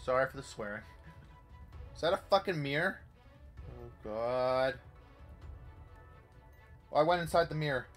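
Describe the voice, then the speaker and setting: A man's voice: mid-range voice, lively intonation, measured pace, pauses often, soft background music. Jumpy, foul-mouthed young man gaming. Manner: swears often, jumps between hushed muttering and panicked yelps. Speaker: gaming YouTuber. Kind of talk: horror game playthrough commentary.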